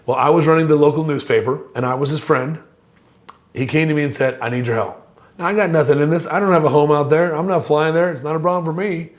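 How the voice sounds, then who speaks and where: A middle-aged man presenting a course lesson, telling a personal story with lively acted-out dialogue. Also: medium pitch. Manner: animated storyteller, acts out dialogue.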